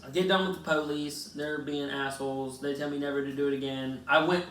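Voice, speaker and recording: A man's voice: a little high, brisk, slight background noise. A young man, a podcast co-host, telling a long casual story with lots of swearing and rambling restarts. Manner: rambling, profane, animated storyteller. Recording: echoey room, mic at a distance.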